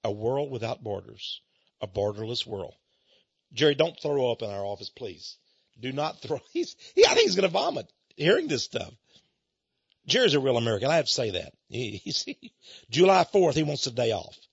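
A man's voice: medium pitch, huge pitch swings, a little fast, gravelly, slightly rough, dry recording, highs cut off. A man hosting a talk radio show, reading passages aloud in a dramatic way and commenting with mock alarm. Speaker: radio host. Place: studio office.

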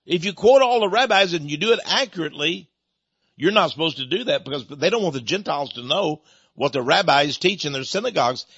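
A man's voice: fairly high pitch, expressive, brisk, fairly bright tone, husky, dry recording, dull audio. A man from East Texas, hosting a radio talk show and giving a rambling, sarcastic opinion monologue in a folksy way.

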